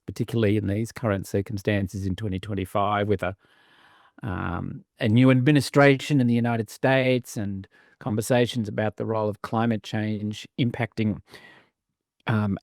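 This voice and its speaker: A man's voice: fairly low pitch, steady tone, normal speed, a little mellow, no room sound, studio quality. Wry man, articulate business leader. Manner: articulate, wry and self-deprecating, with frequent restarts. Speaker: CEO of a business sustainability council. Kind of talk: podcast interview.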